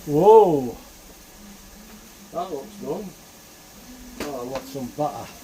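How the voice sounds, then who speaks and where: A man's voice: fairly high pitch, lively intonation, slow pace. Man chatting while he cooks. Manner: chatty, mutters to himself while cooking. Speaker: home cook vlogger. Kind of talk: casual cooking commentary. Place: home kitchen. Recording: noisy background ambience.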